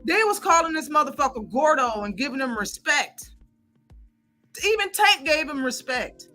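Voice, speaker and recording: A woman's voice: high voice, very animated, moderate pace, sharp tone, faint music behind. A woman hosting a live stream, giving heated, blunt and profane commentary.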